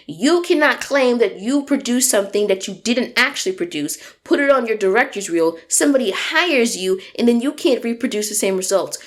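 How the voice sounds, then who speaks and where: A woman in her twenties telling a storytime on her vlog, animated and emphatic, venting with plenty of swearing. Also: on the high side, brisk, hardly any pauses. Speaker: vlogger.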